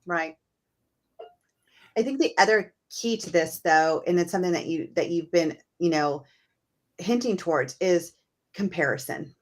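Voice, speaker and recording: A woman's voice: on the low side, unhurried, pauses often. Earnest woman hosting a chat. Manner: earnest, talks things through with fillers like "you know" and "like". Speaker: host. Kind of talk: casual conversation.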